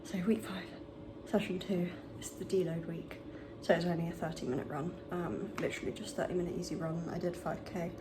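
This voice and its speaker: A woman's voice: fairly low pitch, steady tone, a little fast, few pauses. A young woman chatting casually about her running while out on a run, a little out of breath. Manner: chatty, upbeat, informal. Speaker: vlogger. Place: outdoors on runs. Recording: noisy outdoor phone recording.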